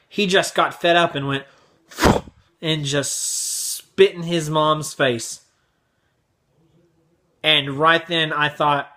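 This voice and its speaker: Brash, bright-voiced young man ranting. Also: fairly high pitch. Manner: brash, exaggerated, crude. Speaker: vlog host. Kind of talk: comedic rant.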